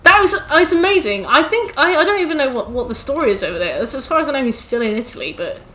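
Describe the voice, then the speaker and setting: Ranty woman streamer, high voice. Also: big pitch swings, pushed and bright. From England. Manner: chatty, ranty, swearing, quick asides to chat. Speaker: game streamer. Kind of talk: casual live-stream chat.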